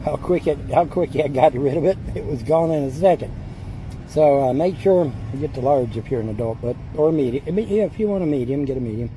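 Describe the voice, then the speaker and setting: A man chatting casually as he eats fast food in his parked car, drawling and rambling. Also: on the high side, expressive, mellow, slight background noise, low-quality recording. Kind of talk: casual mukbang chat. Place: parked car at a drive-thru.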